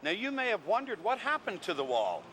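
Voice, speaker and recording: A wry, joking man from the American South leads a walking tour at an outdoor market. His voice sits high and leaps about lively. Loud traffic and street sounds fill in behind him. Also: brisk, poor audio. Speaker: tour guide.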